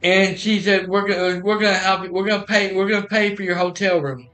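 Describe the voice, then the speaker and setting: A man's voice: sits high, steady tone, brisk, sharp tone, soft background music. A man telling a personal story in a casual, rambling way, often restarting and repeating "I said.".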